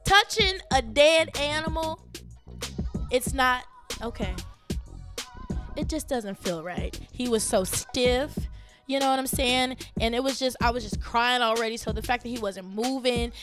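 A woman in her thirties hosting her own podcast from home, chatting casually and animatedly, laughing and jumping up high when she quotes her own thoughts. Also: measured pace, over music. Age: 30s. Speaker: podcast host. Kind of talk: casual solo podcast chat.

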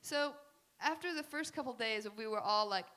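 A woman gives a faith talk to a group, moving between family stories and scripture. Her voice is bright and forceful, set a little higher than most. She tells her stories in a chatty, animated way, full of casual fillers. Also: moderate pace. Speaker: speaker at a faith gathering.

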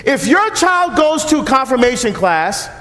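A male deacon preaches in a high, bright-edged voice. His delivery is animated and punchy, with shouts for emphasis. The sound booms around a large church with a long, ringing reverb. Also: unhurried. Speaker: deacon giving a parish mission. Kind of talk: sermon.

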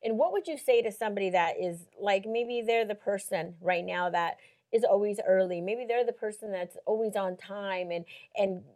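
A woman's voice: mid-range voice, moderate pace, a little mellow. A woman in casual chat, telling a story with animation, often laughing and saying "you know.".

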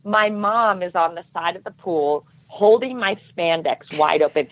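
Animated woman telling a funny story. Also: fairly low pitch, moderate pace. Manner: animated, self-deprecating, acts out quoted voices. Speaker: podcast guest. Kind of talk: casual storytelling. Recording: muffled dull audio.

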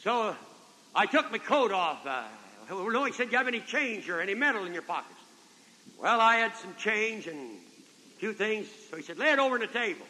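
A man's voice: high-pitched, very animated, brisk, sharp tone. An older man preaching a revival sermon, telling a folksy story and calling out amen and brethren, in a 1970s convention hall recording.

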